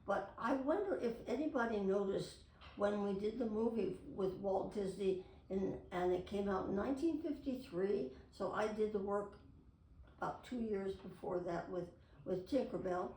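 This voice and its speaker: A woman's voice: mid-range voice, moderate pace, dark tone, a little hiss or hum. Chatty woman in her nineties, echoey. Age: 90s. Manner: chatty, with theatrical read-aloud passages. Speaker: voice actress. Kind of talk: casual storytelling to camera. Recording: echoey room, mic at a distance.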